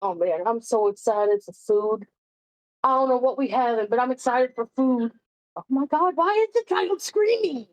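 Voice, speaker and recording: A woman in casual chat with friends, playful and teasing, excitable. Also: a little high, normal speed, no echo, poor audio.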